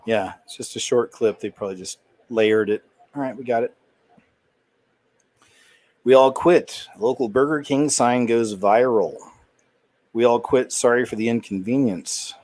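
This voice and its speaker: A man's voice: medium pitch, unhurried, long pauses, a little mellow, no echo. Laid-back man hosting news commentary. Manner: laid-back, musing, with fillers like "man" and "you know". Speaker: host. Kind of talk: casual commentary on news clips.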